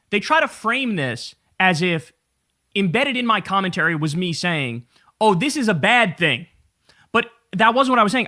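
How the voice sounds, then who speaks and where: A man in his thirties giving profane, animated reaction commentary as a political commentator on a live stream. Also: high voice. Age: 30s.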